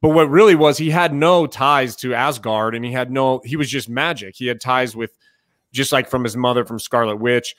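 A man's voice: medium pitch, moderate pace, fairly bright tone, no echo, clean studio sound. Man explaining comic lore casually. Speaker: podcast co-host. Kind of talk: casual chat about comics.

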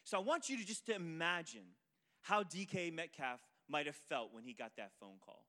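A man's voice: a little high, normal speed. A male pastor preaching a sermon, telling a vivid story and acting out the voices of the people in it before turning to scripture. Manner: animated storytelling, acts out quoted voices.

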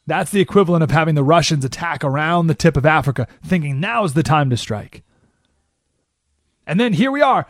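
A man hosting a talk radio show, telling stories with animated delivery and asking rhetorical questions. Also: on the high side, brisk, no echo, studio quality. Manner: animated storytelling with frequent rhetorical "right?"; acts out quoted voices.

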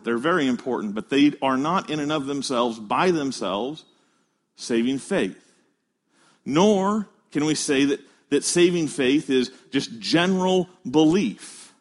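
A man preaching a sermon, emphatic, slowing down to stress key words and explaining a scripture passage he reads aloud. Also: a little high. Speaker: pastor.

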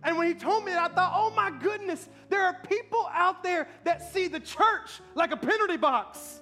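Man, pastor, high-pitched, sermon storytelling, emphatic, faint music behind. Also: normal speed. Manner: storytelling, building to loud emphatic preaching; asks congregation for amens.

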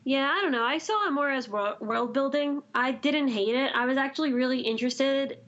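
A high-voiced woman co-hosting a relaxed anime review chat. She mostly agrees in short replies but also gives thoughtful opinions. Her sound is dull and lo-fi. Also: a little fast. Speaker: podcast co-host.

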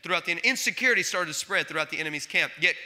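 A man preaching a sermon with passion, swinging between loud declarations and hushed asides, telling stories with acted-out quotes and stammered restarts. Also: on the high side, animated, very fast. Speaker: pastor.

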